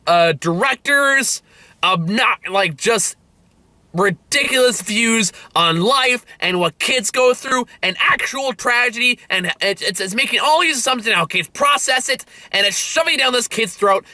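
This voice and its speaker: A young man delivers an exasperated, rambling movie review, stumbling over restarts and peppering his words with profanity. His voice sits high and sounds piercingly bright. It is recorded dry and close inside a parked car. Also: expressive, unhurried, no room sound.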